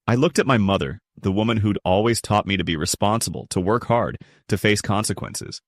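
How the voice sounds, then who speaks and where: A man's voice: lowish voice, brisk, hardly any pauses, no echo, studio quality. A young adult man narrating a first-person family story in a blunt, resentful tone.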